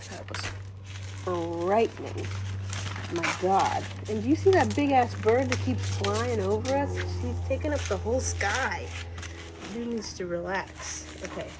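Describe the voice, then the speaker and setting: A woman's voice: mid-range voice, expressive, slow, background noise. Jumpy, swearing woman streamer outdoors. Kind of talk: casual gardening vlog chat. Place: outdoors in a garden. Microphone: camera on a tripod.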